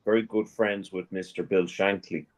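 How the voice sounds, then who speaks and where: A man's voice: low voice, steady tone, normal speed. A man chatting casually about films on a live stream, sharing trivia.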